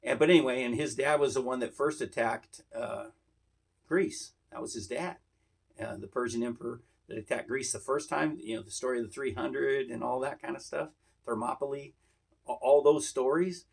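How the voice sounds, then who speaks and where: A man's voice: mid-range voice, moderate pace, creaky, slightly rough. A man hosting a casual Bible lesson, explaining in a rambling, conversational way full of asides. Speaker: Bible teacher, host.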